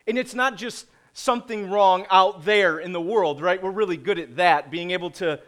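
A middle-aged man preaching a conversational sermon, posing rhetorical questions and pausing deliberately. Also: sits high, fairly bright tone. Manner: slow, deliberate delivery with pauses. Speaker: pastor.

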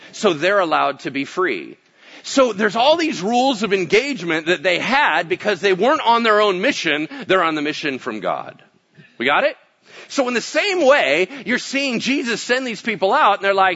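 A man's voice: high voice, muffled recording. A man preaching a sermon as pastor, acting out little voices and asides as he goes. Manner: animated, acts out voices and asides.

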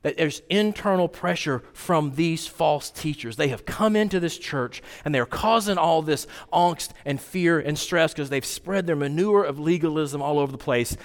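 A man preaching a sermon as pastor, conversational and animated, with sudden jumps in pitch. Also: normal speed, hardly any pauses. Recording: long hall reverb.

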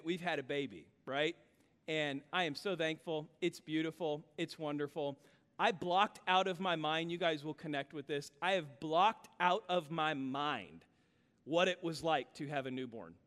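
A man in his thirties, a pastor preaching a sermon in a church, earnest and storytelling, moving between loud and hushed. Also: high voice. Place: church sanctuary. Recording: long hall reverb.

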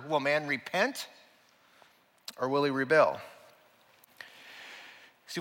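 A man's voice: mid-range voice, bright, forceful tone, long reverb tail. A man preaching a sermon from the pulpit, reading scripture and pressing the congregation with emphatic rhetorical questions. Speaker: pastor.

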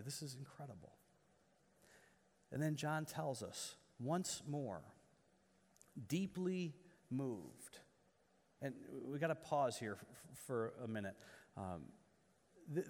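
A man's voice: medium pitch, darkish tone, long reverb tail. A man preaching a sermon in earnest, asking rhetorical questions and often restarting his words. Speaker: pastor.

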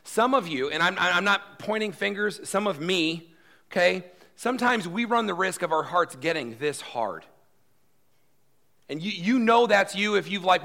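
A man's voice: high-pitched, lively intonation, moderate pace, creaky, sharp tone. A man preaching a sermon as pastor, emphatic and conversational, acting out quoted lines.

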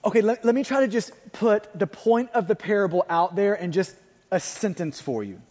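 Male preacher, high voice, emphatic and repetitive delivery, long hall reverb. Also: lively intonation, normal speed. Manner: emphatic, repeats key phrases, swings between loud and hushed. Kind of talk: sermon.

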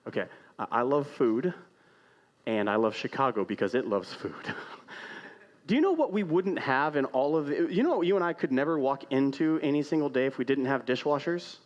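A man's voice: mid-range voice, lively intonation, moderate pace, highs cut off. Man preaching a conversational sermon. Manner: conversational preaching with rhetorical questions, swinging between loud and hushed. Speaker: pastor.

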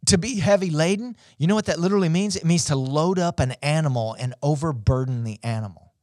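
A man preaching a sermon, impassioned and speaking straight to online viewers, rising to high, urgent peaks. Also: fast, darkish tone, no room sound, clean studio sound. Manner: addresses online viewers directly. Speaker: pastor.

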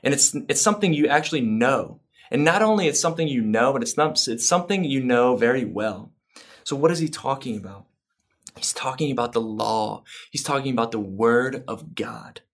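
Male pastor, mid-range voice, earnest sermon delivery with rising excitement. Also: medium pitch, normal speed. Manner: earnest, building excitement, fillers like "um".

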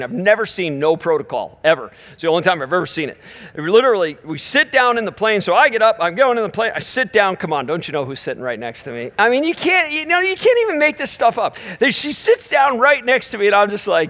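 A middle-aged man preaching as a minister, telling a story with animated energy and easing into soft, slow prayer. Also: sits high. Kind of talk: storytelling sermon at a live church event.

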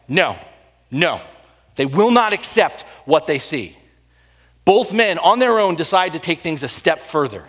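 A man preaching a sermon, telling the story with animated swings between loud and hushed delivery. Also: on the high side. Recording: long hall reverb.

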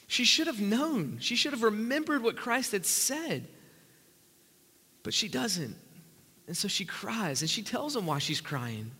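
A man's voice: high voice, big pitch swings, measured pace, pushed and bright, slightly rough. A man preaching a sermon as pastor, earnest and conversational, acting out the people in the story as he goes. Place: church sanctuary. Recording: long church reverb.

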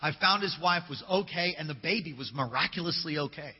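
A high-pitched male pastor delivers an emphatic, casual sermon, acting out the dialogue as he goes. His voice carries a long reverb through a church sanctuary. The recording is dull and lo-fi. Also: expressive, brisk, slightly rough. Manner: emphatic, casual preacher who acts out dialogue. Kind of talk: sermon with storytelling.

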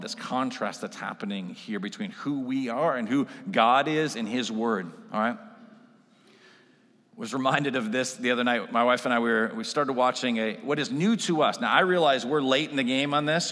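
A male pastor delivering a sermon in an easy, conversational way, mid-pitched and often checking in with his listeners. His voice carries the long reverb of a church sanctuary. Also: fairly bright tone. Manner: conversational preaching with frequent tag questions.

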